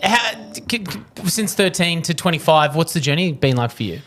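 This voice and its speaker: A man co-hosting a podcast interview, asking careful, halting questions. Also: fairly high pitch, expressive, a bit bright. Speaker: podcast co-host.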